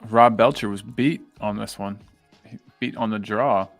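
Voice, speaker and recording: A man's voice: lowish voice, fairly even intonation, normal speed, vocal fry, soft background music. A man co-hosting a casual live-stream podcast, easygoing with teasing banter. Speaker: podcast co-host.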